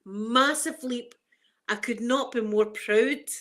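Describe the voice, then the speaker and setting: A woman's voice: on the high side, slow, a bit bright. A middle-aged Scottish woman hosting a casual live chat, emotional and fighting back tears as she greets viewers by name. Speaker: livestream host.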